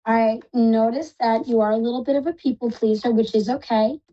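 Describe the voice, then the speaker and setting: A woman's voice: fairly high pitch, steady tone, a little fast, dark tone, highs cut off. A woman reading tarot cards for a caller on a live call-in show, chatty and reassuring, calling the caller "love". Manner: reassuring, chatty, uses endearments. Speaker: psychic reader.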